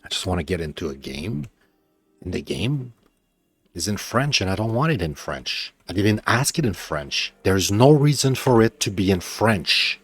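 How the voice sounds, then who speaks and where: A tired man streams a game session with a low, deep voice, talking casually to his viewers. He often drops to a mutter while fixing settings, then flares up into swearing frustration. His voice comes through a close desk mic in a dry room. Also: big pitch swings, normal speed, breathy edge, no room sound, faint music behind. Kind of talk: casual live-stream commentary.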